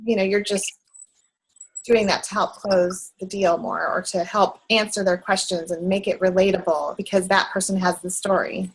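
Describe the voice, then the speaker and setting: A woman's voice: mid-range voice, steady tone, moderate pace, slightly rough, poor audio. A woman chiming in earnestly with advice during a group discussion.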